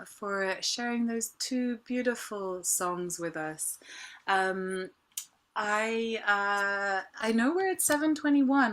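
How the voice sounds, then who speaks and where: Upbeat woman hosting a live song session. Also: on the high side. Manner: gracious, upbeat, loose and chatty. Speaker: host.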